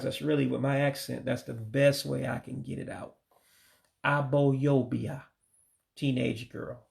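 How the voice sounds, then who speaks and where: A man teaching vocabulary from his studies, saying each word slowly and carefully and often correcting himself. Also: medium pitch, vocal fry. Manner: slow, careful word-by-word pronunciation with frequent self-corrections. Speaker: language learner teaching vocabulary. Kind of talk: informal vocabulary lesson.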